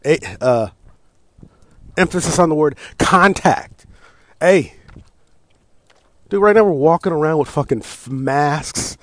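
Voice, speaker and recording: A man's voice: a little high, slow, long pauses, no echo. An American man hosting a casual talk show, ranting about sports with lots of swearing, laughs and restarts. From United States. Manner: loose, swearing, laughs and restarts, animated outbursts. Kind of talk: casual profane sports rant.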